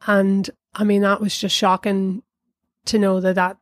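A Northern Irish woman talks as a podcast guest, chatty and rambling with lots of "you know"s. Her voice sits at a middling pitch, recorded dry and close. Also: flat delivery, measured pace, dry recording. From Northern Ireland. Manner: chatty, warm storytelling with many fillers. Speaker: podcast guest, arts center leader. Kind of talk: casual interview chat.

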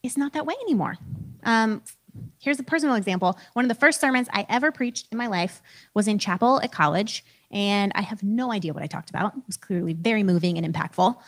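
A woman's voice: medium pitch, fairly quick. A woman in her thirties, a preacher and teacher, giving a casual, conversational talk with a self-deprecating manner.

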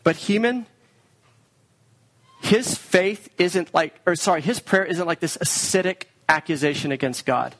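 A man preaching a sermon in an earnest way, sometimes voicing quoted lines in a raised pitch. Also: unhurried, fairly bright tone. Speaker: pastor.

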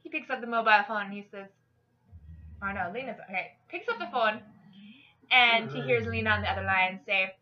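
A woman hosting a podcast, telling jokes in an animated, chatty way. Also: a little high, fairly quick, lo-fi sound. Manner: animated, jokey storyteller with fillers. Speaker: podcast host. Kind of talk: casual joke-telling chat.

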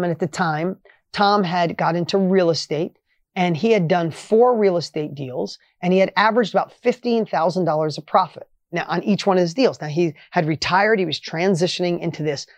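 A man hosting a motivational podcast, telling a coaching story with emphatic energy that swings between loud highs and quiet asides. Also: no room sound.

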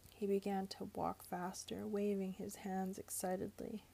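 Husky, gravelly woman reading a story. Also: mid-range voice, flat delivery, unhurried, dark tone. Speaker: audiobook narrator.

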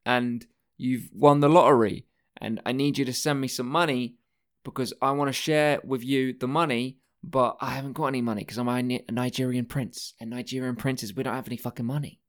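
A man's voice: mid-range voice, steady tone, brisk, close to an everyday voice. A man putting on a pushy, pleading scam-email prince who swears and begs for money. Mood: wheedling. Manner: wheedling, pushy, profane.

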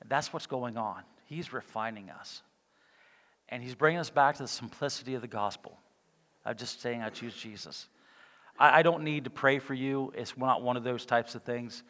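A man's voice: mid-range voice, moderate pace. Impassioned male pastor in a reverberant church. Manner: impassioned preaching, swinging between loud exclamations and hushed lines. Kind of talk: sermon. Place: church sanctuary. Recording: long reverb of a church hall.

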